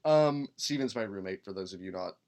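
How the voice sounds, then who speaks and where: A man's voice: on the low side, animated, brisk, darkish tone. A man hosting a live-streamed tabletop game podcast, chatting casually and rambling as he reads rules text aloud and hums to himself while he looks things up. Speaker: podcast host building a game character.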